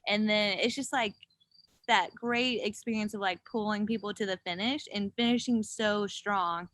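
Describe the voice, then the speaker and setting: A woman's voice: medium pitch, moderate pace, no room sound. A young woman, a pro cyclist, telling race stories in a casual chat, acting out quotes and swearing freely. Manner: animated storyteller, acts out quotes, swears freely. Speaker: pro gravel cyclist guest.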